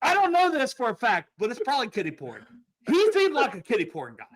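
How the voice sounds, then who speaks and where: A man's voice: very high-pitched, wildly swooping pitch, fast talker. A man guesting on a football show, ranting sarcastically and swearing heavily. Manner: sarcastic mock-positive rant, heavy swearing. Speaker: podcast guest. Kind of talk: casual sports show chat.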